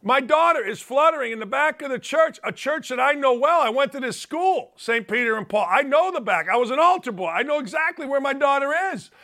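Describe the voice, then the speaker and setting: A man's voice: extremely high pitch, animated, fairly quick, few pauses, bright, forceful tone. A man in his fifties hosting a sports talk show, telling stories emphatically and repeating phrases for effect. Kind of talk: animated sports talk monologue.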